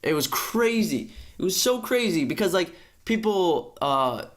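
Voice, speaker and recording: A young man co-hosting a casual podcast, ranting with lots of swearing and sudden jumps in pitch. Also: big pitch swings, a little slow. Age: young adult. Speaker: podcast co-host. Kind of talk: casual chat.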